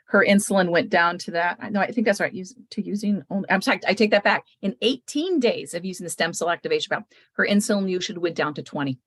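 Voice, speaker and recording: A woman hosting a casual chat, telling customer stories with lively retold quotes. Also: fairly low pitch, fast talker, no echo. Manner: animated storytelling, retells others' words.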